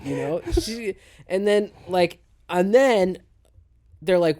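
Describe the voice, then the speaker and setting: A young man co-hosting a comedy podcast, telling a story in a casual, animated way and acting out both sides of the conversation. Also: sits high, takes it slowly. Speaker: podcast co-host.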